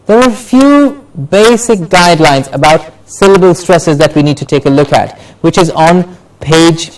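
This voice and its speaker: A man teaching English word stress, slowly repeating each example word for the class to say along. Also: a little high, distant mic, rough recording. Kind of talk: classroom lesson with drills.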